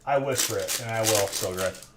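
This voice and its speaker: A man's voice: fairly low pitch, normal speed, noisy background. A man hosting a casual livestream, bantering and joking with chat and counting scores aloud. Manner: joking banter with chat, says "dude" a lot. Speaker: livestream host opening trading card packs.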